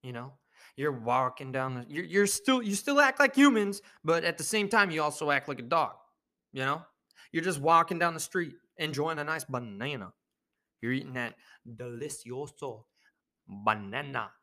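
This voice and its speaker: A young man hosting his own podcast, rambling through a jokey, profane monologue with sudden loud bursts. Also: fairly high pitch, lively intonation, moderate pace. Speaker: podcast host. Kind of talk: casual comedic monologue.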